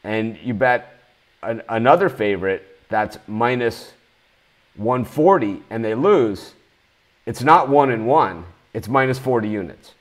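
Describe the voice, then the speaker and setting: A man's voice: mid-range voice, lively intonation, a little slow. A man hosting a live sports betting show, talking bluntly in a ranting, swearing manner.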